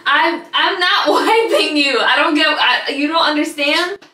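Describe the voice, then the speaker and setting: A woman's voice: high voice, unhurried, sharp tone. A young woman in a casual couple vlog, incredulous and laughing as she refuses. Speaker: vlogger, girlfriend. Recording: echoey room, distant mic, faint noise.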